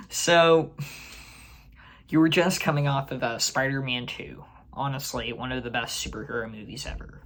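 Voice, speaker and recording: A little hiss or hum accompanies this man's mid-range, steady, fairly bright voice at a moderate pace. As host of his own movie channel, he gives a chatty, opinionated ranking to camera, with fillers and restarts.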